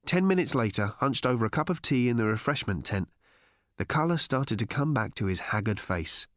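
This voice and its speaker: A man reading an audiobook aloud as narrator, in a wry, measured storytelling manner, recorded in a studio. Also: mid-range voice, expressive, fairly bright tone, no echo. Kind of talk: scripted narration.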